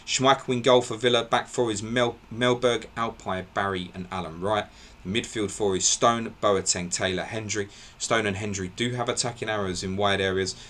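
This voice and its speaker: A man hosting a live football podcast, briskly reeling off team line-ups and laughing at his own slips. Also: fairly low pitch, steady tone, a bit bright. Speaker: podcast host.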